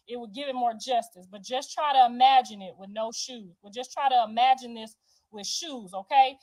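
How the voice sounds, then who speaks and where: A high-pitched woman on a livestream, launching into a heated personal rant. She is confrontational and profane, hammering her points home with repetition. Her voice sits well above the usual range. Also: low-quality recording.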